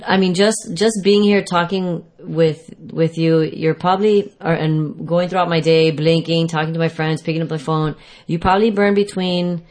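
A woman's voice: deep voice, fairly even intonation, moderate pace, hardly any pauses, darkish tone. A woman fitness trainer giving casual advice on food and exercise, rambling and correcting herself as she explains.

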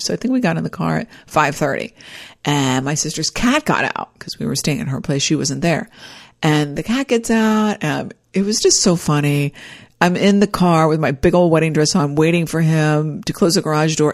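A woman casually telling a personal story, animated and rambling, with frequent restarts. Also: deep voice. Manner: animated, acts out quoted dialogue.

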